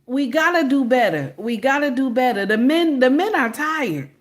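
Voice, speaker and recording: A woman's voice: high-pitched, expressive, normal speed. A woman in her forties with a Southern US accent, talking casually and preachily on a livestream and calling her viewers "baby". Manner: preachy, sassy, talks straight to viewers with "baby" and "okay?". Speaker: livestream host.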